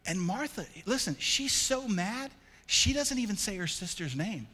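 A man pastor preaches with a high, strikingly bright voice, emphatic and repetitive, pressing his points home and calling on the congregation to answer back. Each phrase rings out into a long church-hall reverb. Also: very animated, unhurried. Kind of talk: sermon. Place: church sanctuary.

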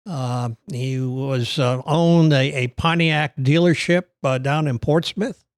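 Older man telling long rambling stories. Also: medium pitch. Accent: Virginian. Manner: rambling anecdotes with many pauses and fillers. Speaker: guest trial lawyer. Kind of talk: storytelling on a podcast.

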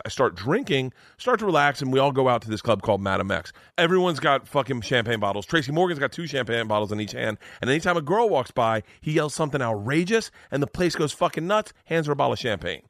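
A male comedian telling an animated, profane story in a podcast conversation. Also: medium pitch, no room sound, clean studio sound. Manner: animated, swearing, acts out voices.

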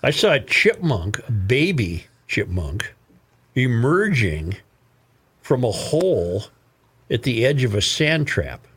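A man's voice: mid-range voice, sing-song, slow pace, a bit bright, husky. A man co-hosting a talk radio show, musing aloud and telling small anecdotes in casual banter. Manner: musing, asks questions, tells small anecdotes. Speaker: radio co-host.

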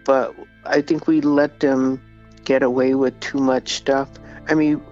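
A man giving reflective interview answers, halting and repeating words as he thinks. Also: mid-range voice, a little mellow, dull audio. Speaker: interviewee, Wampanoag community member.

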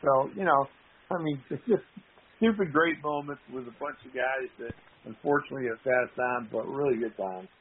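A man's voice: mid-range voice, a little fast, slight background noise. A man, a wrestling promoter and wrestler, tells rambling anecdotes with quoted dialogue on a call-in show. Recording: tinny phone line.

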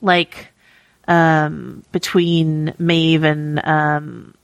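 A woman's voice: sits low, flat delivery, drawn-out words, creaky, no room sound. A woman co-hosting a podcast, talking casually with lots of fillers and restarts. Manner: chatty, many fillers and restarts. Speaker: podcast co-host.

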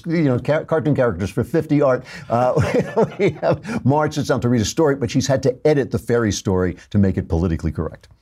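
A man's voice: mid-range voice, animated, fast talker, hardly any pauses, warm tone, slightly rough. A man hosting a talk show, giving a wry, digressive, opinionated monologue in a studio. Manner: wry, digressive, self-mocking.

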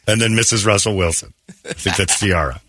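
A man hosting a morning radio show, bantering casually with wry, deadpan jokes from a studio mic. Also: fairly low pitch, a little fast, no echo. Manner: wry, deadpan joking with frequent laughs.

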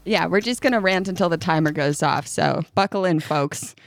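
A woman's voice: on the low side, moderate pace, no echo. A woman in her thirties from upstate New York, co-hosting a podcast in casual chat, ranting and laughing often. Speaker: podcast co-host.

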